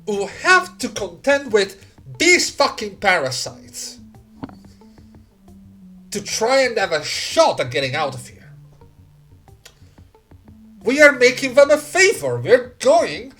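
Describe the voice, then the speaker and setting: A man voicing a male gang leader who whips up his crew with loud, mocking speeches. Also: very high voice, wildly swooping pitch, slow, pauses often, faint music behind, voice pushed up, heavily acted. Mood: rallying, loud. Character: male gang leader, rabble-rousing bigot.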